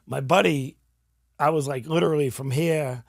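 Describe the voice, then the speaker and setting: A middle-aged man from New England, telling his story in a casual interview, animated and swearing freely. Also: fairly high pitch, moderate pace, vocal fry, dry recording, clean studio sound.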